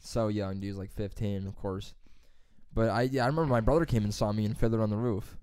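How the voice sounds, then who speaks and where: A young man chatting casually as a podcast co-host, telling animated stories full of swearing. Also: lowish voice, quick pace, clean tone, no room sound, studio quality. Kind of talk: casual chat.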